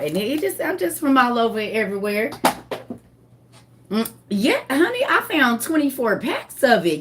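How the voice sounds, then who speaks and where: A woman's voice: a little high, fairly bright tone. A woman hosting a live group chat, talking casually in a playful, teasing way and laughing often. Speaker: host of a live reading group.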